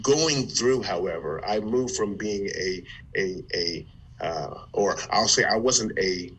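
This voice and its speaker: Man from Ohio, motivational speaker, low and husky, lively storyteller. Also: slow, rough recording. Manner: animated, with stammered restarts. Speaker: guest, former football player turned motivational speaker. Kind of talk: conversational storytelling.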